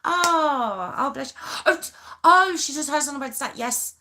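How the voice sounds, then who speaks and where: A woman's voice: high-pitched, lively intonation, normal speed, noisy background. A young woman hosting a casual live stream, rambling nervously, stammering and restarting as she chats with viewers. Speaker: YouTube true crime host.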